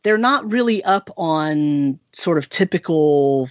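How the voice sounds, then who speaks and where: A game master chatting casually about a tabletop session. The voice sits at a middle pitch, and the talk rambles with restarts and tag questions. The recording sounds dull and lo-fi, with a dry, close room. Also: lively intonation, slow, no echo. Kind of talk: casual podcast chat.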